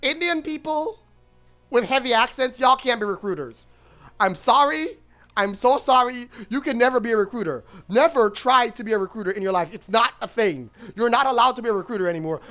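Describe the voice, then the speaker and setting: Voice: mid-range voice, sharp tone. A streamer in a casual livestream rant, rambling and blunt, with frequent swearing.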